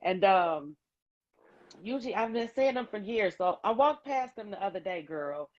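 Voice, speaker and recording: A woman hosting a casual talk show, telling stories in a lively, emphatic, joking way. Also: mid-range voice, normal speed. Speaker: host. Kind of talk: casual chat. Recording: dull lo-fi sound.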